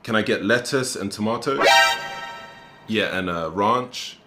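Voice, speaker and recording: An actor playing a laid-back male customer in a comedy sketch, slow and hesitant. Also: lowish voice, roomy sound, over loud music.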